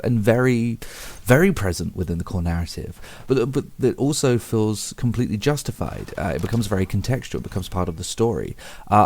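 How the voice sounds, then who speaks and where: Low-voiced man rambling about books. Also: darkish tone. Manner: rambling, many fillers and restarts, self-amused. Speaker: book video host. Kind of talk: casual spoken book commentary.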